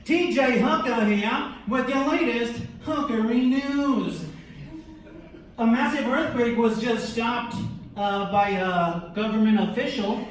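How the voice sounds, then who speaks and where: A man's voice: very high-pitched, slow, pitched above the performer's own voice. A man doing a cheesy TV news anchor. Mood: announcing. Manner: mock broadcast delivery. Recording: echoey club room, distant mic, background noise.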